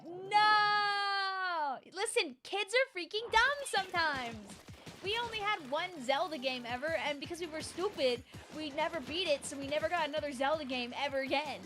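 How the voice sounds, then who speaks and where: A woman in her twenties streaming a game from home, chatting casually and rambling, laughing often as she answers her chat. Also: high-pitched. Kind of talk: casual live-stream chat while gaming. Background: game music.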